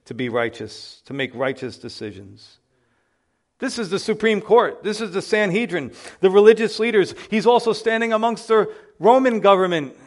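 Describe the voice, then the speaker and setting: A male pastor preaching a sermon, building to loud emphatic exclamations. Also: sits high, expressive, normal speed.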